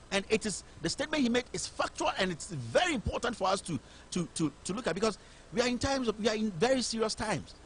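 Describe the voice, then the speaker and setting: A man's voice: high voice, a bit bright, slightly rough. A man with a Ghanaian English accent giving impassioned, indignant political commentary as a show host. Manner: indignant, rhetorical, fiery.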